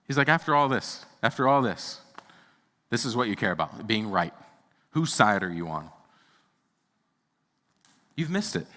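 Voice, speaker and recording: A man, a pastor, preaching a sermon, lively, with his voice jumping up when he acts out what others say. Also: mid-range voice. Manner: animated, voice jumps up when acting out quoted speech. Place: church sanctuary. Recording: long reverb of a church hall.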